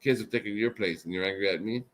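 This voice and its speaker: A drunk man hosting a casual chat show, rambling and swearing, swinging between loud outbursts and mumbled asides. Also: lowish voice, fast talker, slight background noise. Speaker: show host.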